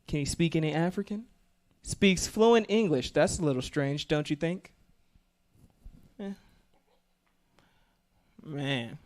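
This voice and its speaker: A man's voice: fairly high pitch, darkish tone. A man doing a stand-up comedy set with a profane, laid-back delivery.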